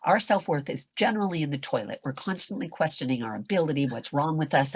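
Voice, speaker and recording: An older woman with a raspy, nasal voice coaches voice actors with passionate, dramatic intensity. She swings from loud declarations to near whispers. Her tone sits low and husky, recorded dry with no room sound. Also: sing-song, brisk, dry recording. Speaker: guest, voice acting coach. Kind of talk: motivational talk on a video call.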